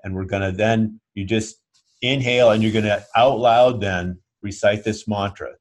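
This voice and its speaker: A man's voice: fairly low pitch, steady tone, normal speed. A man teaching a yoga class, patiently explaining each step and often checking that everyone follows. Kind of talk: instructional class talk.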